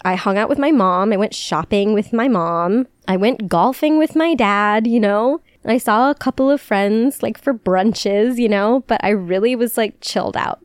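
A woman's voice: mid-range voice, normal speed, few pauses, clean tone, dry recording, studio quality. A young woman from the Chicago area hosting a podcast, chatting casually and confessionally, joking at her own expense and laughing often. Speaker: podcast host.

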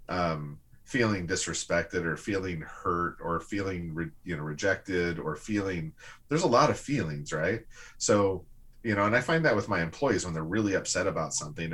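Deep, husky man reflecting. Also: a bit bright. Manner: reflective, explanatory, some restarts. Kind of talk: casual conversation.

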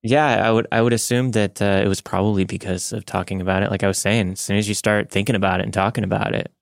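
A man with a deep, gravelly voice chats casually as a podcast co-host, rambling a little and laughing easily. The recording is close and dry. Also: fast talker, dry recording. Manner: relaxed, rambling, laughs often. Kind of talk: casual chat.

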